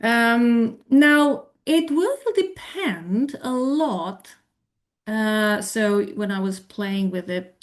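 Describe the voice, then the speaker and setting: A woman giving a conference talk with a live software demo, explaining her points while thinking aloud and correcting herself as she goes. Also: mid-range voice. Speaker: presenter on medical English teaching.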